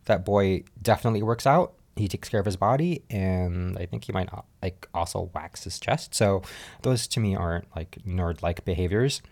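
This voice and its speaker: Casual podcast host, male, lower voice, chatty with lots of fillers and laughs. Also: moderate pace. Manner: chatty, animated, laughs often, frequent fillers. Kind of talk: casual recap commentary. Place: home apartment.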